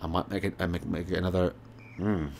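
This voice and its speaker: A man's voice: low voice, flat delivery, fairly quick, vocal fry. A man hosting a casual let's play, rambling with lots of fillers and swearing. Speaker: gaming channel host.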